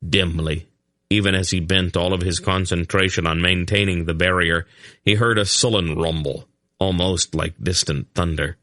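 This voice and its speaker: A man reading an audiobook aloud in a deep, low voice, steady and measured. The sound is close and dry, with no room around it. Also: no room sound. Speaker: audiobook narrator. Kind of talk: scripted narration.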